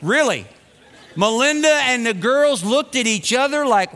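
A man's voice: extremely high pitch, expressive, unhurried, pushed and bright, some chatter behind. A middle-aged man telling a self-mocking, humorous personal story to an audience. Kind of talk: personal anecdote told to an audience. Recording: long reverb.

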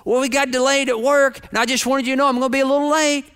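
A preacher voicing a cheerful, pleasant wife in a sermon anecdote. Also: male voice, extremely high pitch, level tone, rapid-fire, fairly bright tone, smooth, in a large hall, pitched above the performer's own voice. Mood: cheery. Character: cheery upbeat wife, adult woman.

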